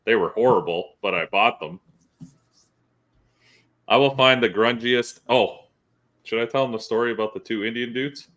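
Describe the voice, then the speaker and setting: A man's voice: medium pitch, moderate pace, pauses often. A male podcast host, telling profane stories in casual chat. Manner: profane, animated storyteller.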